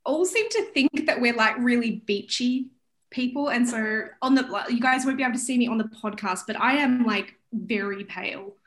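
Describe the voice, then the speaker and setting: A woman's voice: a little high, normal speed, a bit bright. A woman with an Australian accent, a guest author on a podcast, chatty and self-deprecating. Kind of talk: casual podcast interview.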